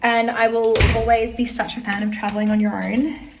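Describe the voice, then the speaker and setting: A woman's voice: on the high side, flat delivery, normal speed, background noise. A young Australian woman vlogging casually on her phone, chatty and bubbly, a bit stuffy with a runny nose. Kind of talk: casual travel vlog. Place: outdoors at night, walking home.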